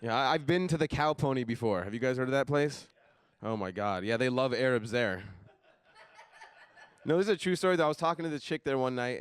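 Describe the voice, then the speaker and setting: A young man doing a stand-up comedy set on a live stage, deadpan, dropping his voice low for asides. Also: fast talker, smooth, no room sound, clean studio sound.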